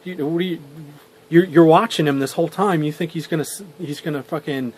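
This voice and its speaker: A man plays an enraged dad who swears and accuses in a raised, strained voice. He sits at a middling pitch with no mannered put-on. It is an everyday voice, only heated. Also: lively intonation, fast talker, pushed and bright. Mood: angry, accusing. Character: angry shouting father, hostile and profane.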